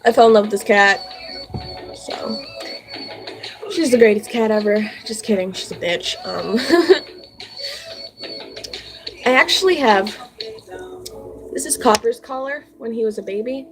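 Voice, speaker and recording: Rambling young woman with a higher voice. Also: measured pace, long pauses, music in the background, poor audio. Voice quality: rambling, full of "like" and "um" fillers. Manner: earnest and heartfelt about her pets. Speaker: vlogger. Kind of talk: casual personal storytelling.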